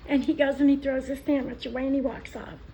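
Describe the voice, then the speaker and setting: A woman vlogger telling stories in an emotional, indignant rant, pausing as she speaks. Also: sits high, flat delivery, warm tone, slight background noise, poor audio. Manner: indignant, impassioned storytelling with pauses. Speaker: commentary vlogger.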